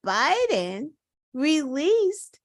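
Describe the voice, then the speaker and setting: A woman's voice: high voice, very animated, extremely slow, dry recording. A woman hosting her own show, talking in casual political commentary with indignant rhetorical questions and swearing. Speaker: show host.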